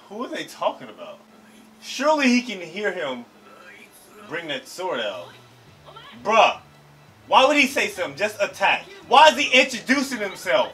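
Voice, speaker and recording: A man hosting an anime reaction video, talking in an excitable, slangy way and swearing freely. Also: sits high. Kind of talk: casual reaction commentary. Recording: slightly distant mic, faint show audio.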